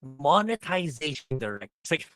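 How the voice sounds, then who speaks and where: A man with a fairly high, sing-song voice talks rather quickly with a sharp tone, and there's a faint hiss or hum in the audio. He's co-hosting a podcast over a laggy video call, rambling and scoffing through a casual chat packed with fillers.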